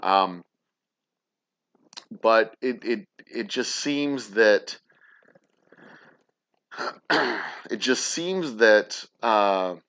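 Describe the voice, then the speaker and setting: A man with a lowish voice hosts a casual livestream chat. He rambles, swears often and downplays his own opinions. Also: expressive, extremely slow, pauses often, fairly bright tone, smooth. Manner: rambling, profane, self-deprecating. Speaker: distillery show host.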